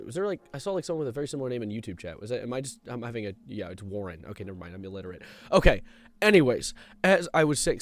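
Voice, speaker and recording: A young man in his twenties talks on a live stream in a loose, rambling way, hopping from chat replies back to his point. His voice sits a little high and swings up and down a lot. It sounds dry and close. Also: no echo. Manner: rambling, animated, jumps between chat and topic.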